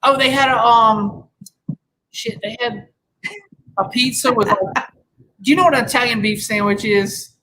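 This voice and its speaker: Rambling, cussing man with a bright voice. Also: extremely high pitch, normal speed, long pauses, a little hiss or hum, low-quality recording. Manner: rambling, swears freely, many restarts. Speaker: podcast host. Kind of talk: casual chat.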